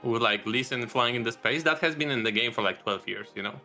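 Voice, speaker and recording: A man talking as a podcast guest, relaxed and rambling with frequent restarts. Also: mid-range voice, brisk, faint music behind. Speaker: guest, video creator. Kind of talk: casual podcast chat.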